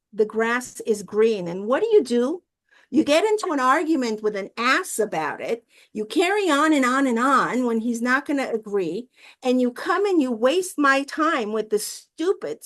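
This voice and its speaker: Commanding, exasperated lion judge, voiced by a woman narrator, raised pitch. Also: sing-song, unhurried. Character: weary stern male lion king and judge.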